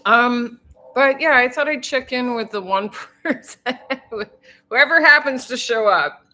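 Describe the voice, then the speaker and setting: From her home in a tropical town, a woman who works as a tour guide hosts a casual livestream, rambling, chatting, and laughing often as she greets viewers. She speaks unhurriedly in a sharp, fairly high voice.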